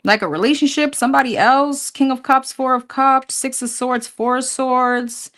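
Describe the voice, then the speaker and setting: A woman's voice: sits high, normal speed, fairly bright tone. A woman giving a casual tarot reading, chatty and thinking aloud as she lists cards, with hesitant fillers. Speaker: tarot reader.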